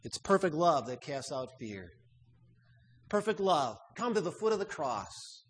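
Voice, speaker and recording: High-voiced preacher with dramatic dynamics. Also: male voice, very animated, unhurried, breathy edge. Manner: dramatic swings from loud emphatic peaks to hushed quiet endings. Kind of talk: sermon.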